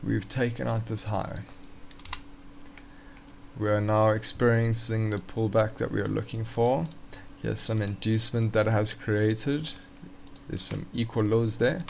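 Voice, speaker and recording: A man's voice: fairly low pitch, fairly even intonation, unhurried, gravelly, a little hiss or hum. A man casually walking through forex charts on a live stream, thinking aloud with fillers and restarts.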